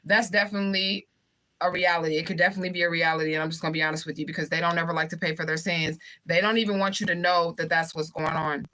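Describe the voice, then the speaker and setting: A young woman hosting a livestream, talking fast and bluntly with swearing while she reads out viewer comments. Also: fairly low pitch, level tone, pushed and bright, low-quality recording. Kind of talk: fast casual livestream talk.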